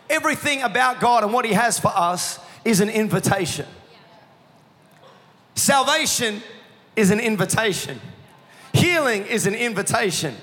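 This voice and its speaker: A male pastor preaching a passionate sermon that builds into shouts, his voice going hoarse. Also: sits high, in a large hall. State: losing his voice. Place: church hall. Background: music playing underneath.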